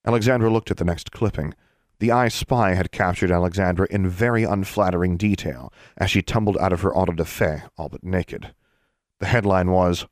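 A man narrating an audiobook podcast in a steady, measured reading. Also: low-pitched, dry recording, studio quality. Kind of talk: scripted narration.

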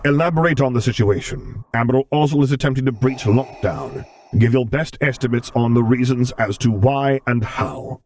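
A man reading a story, voicing a menacing armored dark lord who barks sharp, forceful commands. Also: medium pitch, normal speed, slight background noise, voice pushed up, close to an everyday voice. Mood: commanding.

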